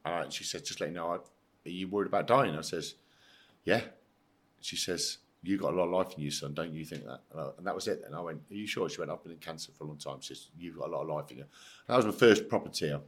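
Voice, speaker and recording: A man's voice: deep voice, fast, slightly rough. A middle-aged English man, a former footballer, telling his story bluntly and emphatically in a casual interview, swearing and acting out the dialogue. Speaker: podcast guest, former footballer.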